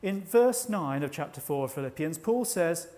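A man preaching a sermon at a church service, measured and reflective, slowing down to stress key words. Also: on the high side, expressive, dark tone. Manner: measured, reflective, slows for emphasis.

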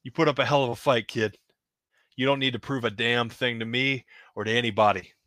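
A man putting on the voice of a brash older wrestling boss who talks loud and boastful. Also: medium pitch, fairly even intonation, fairly quick, dry recording, lightly acted.

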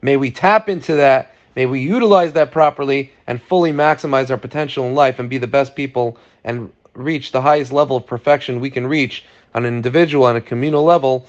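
A man's voice: medium pitch, brisk, hardly any pauses, dull audio. A man giving an earnest sermon, telling a story to make his point. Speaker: preacher.

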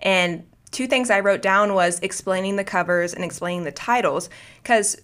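A woman's voice: medium pitch, normal speed, a bit bright. A woman guest chatting casually on a podcast, talking in a loose, rambling way with many fillers and restarts. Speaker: guest, book video creator.

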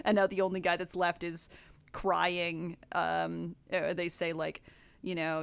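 A woman co-hosting a casual podcast, breaking down game lore in an animated, profane way. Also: lowish voice, gravelly, clear, resonant tone, no echo. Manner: animated, profane, quick asides. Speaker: podcast co-host.

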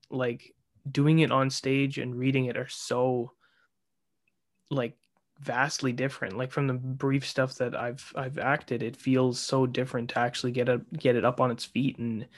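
A man hosting a podcast, chatting casually and chiming in with quick agreement. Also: medium pitch. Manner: friendly, quick agreeing interjections. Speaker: podcast host. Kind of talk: casual conversation.

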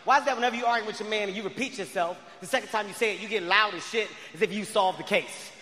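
A male stand-up comedian doing a routine for a live audience, loud and often shouting. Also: sits high, fast talker. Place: large venue before a live audience. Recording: long reverb of a large hall.

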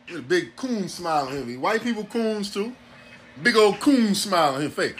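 A man's voice: high voice, lively intonation, normal speed, fairly bright tone, a little hiss or hum. A man, hosting a podcast in a blunt, profane, streetwise ranting monologue. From New York City. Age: 40s. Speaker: podcast host.

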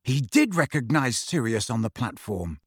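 A man voicing a serious, brooding teenage schoolboy wizard in a low, intent voice in a storybook reading. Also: sing-song, moderate pace, breathy edge, no room sound, studio quality.

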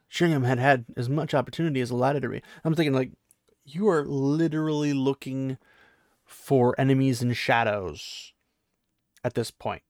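A man's voice: mid-range voice, normal speed, dry recording, studio quality. A man casually recapping and commenting on a book, rambling with lots of "like" and acting out characters' lines. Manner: rambling, heavy use of "like", acts out characters' lines. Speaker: book discussion host.

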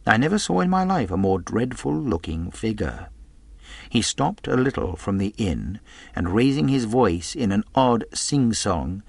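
A man narrating a classic adventure novel as an audiobook in a measured storytelling delivery. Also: lowish voice, creaky, a little mellow, slightly rough, no echo.

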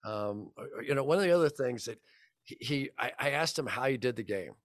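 A man's voice: mid-range voice, expressive, brisk, no echo, clean studio sound. A man in his fifties, a football broadcaster, telling rambling anecdotes on a podcast and acting out the dialogue. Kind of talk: casual podcast storytelling.

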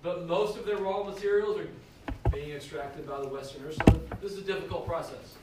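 Man teaching history, higher voice, recorded from far off in an echoey classroom with background noise. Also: fairly quick. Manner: conversational, checks in with students. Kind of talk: classroom lecture.

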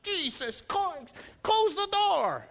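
A man's voice: very high-pitched, sing-song, slow, fairly bright tone, voice pushed up, heavily acted. A preacher doing a cranky old grandfather. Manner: gruff, snapping commands. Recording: long church reverb.

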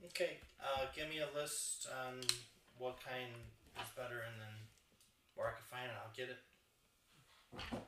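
A man's voice: medium pitch, unhurried, pauses often, echoey room, distant mic, very noisy. A man playing his character in a tabletop game, asking plain, earnest questions. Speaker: player.

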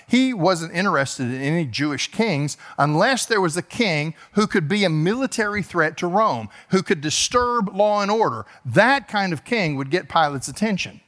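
A man's voice: expressive, normal speed, few pauses, fairly bright tone. A male pastor preaching an expository sermon, explaining the text verse by verse and voicing the figures in it. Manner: rises in pitch and force as he builds.

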